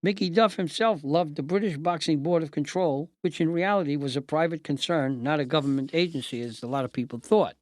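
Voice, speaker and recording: An older man hosting and narrating a memoir story in a measured, deliberate, lawyerly way. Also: fairly high pitch, no echo. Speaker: host and narrator.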